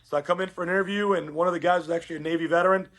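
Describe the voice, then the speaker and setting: Guest: middle-aged man from Uruguay, high voice, rapid lively storyteller. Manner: animated, acts out quoted dialogue. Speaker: podcast guest. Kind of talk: casual storytelling interview.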